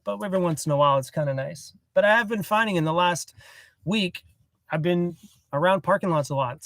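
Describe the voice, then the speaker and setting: High-voiced laid-back man streaming from his van. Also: fairly bright tone, no echo, clean studio sound. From Canada. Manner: rambling, laid-back, talks to his dog. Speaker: van life vlogger. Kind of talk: casual livestream chat. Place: inside a parked van. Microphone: cell phone.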